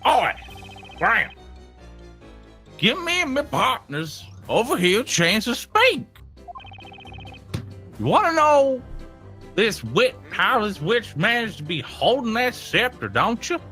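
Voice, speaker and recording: A performer voicing a blunt, rough-talking witness in a fan dub of a game. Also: medium pitch, big pitch swings, slow, long pauses, sharp tone, faint music behind, full character voice. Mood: pushy. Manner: gruff, dismissive. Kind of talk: fan voice acting over a game.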